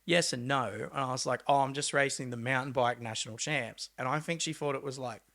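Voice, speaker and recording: A young Australian man, a pro mountain biker, telling a story in a casual, animated way, acting out quotes with laid-back slang and swearing. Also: mid-range voice, fairly quick, vocal fry. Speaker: podcast guest, pro mountain bike rider.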